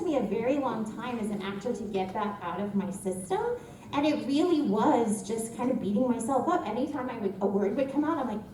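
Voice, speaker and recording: A woman's voice: fairly high pitch, moderate pace. A woman from Texas, a voice actor on a convention panel, telling stories with a lot of laughter. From Texas, USA. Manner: animated, laughing storyteller. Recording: echoey convention hall, distant mic, noise.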